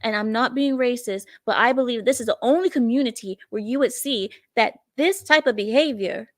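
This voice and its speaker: A woman's voice: fairly high pitch, brisk, fairly bright tone, dry recording. Indignant woman commenting, dry close sound. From not from the U.S. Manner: indignant, emphatic, repeats phrases. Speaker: commentator reacting to a clip. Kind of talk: opinionated reaction commentary.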